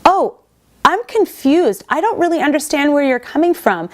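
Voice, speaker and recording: Woman doing an airy, high, innocent-sounding dodger who feigns confusion. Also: sing-song, normal speed. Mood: feigned confusion. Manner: airy, quizzical.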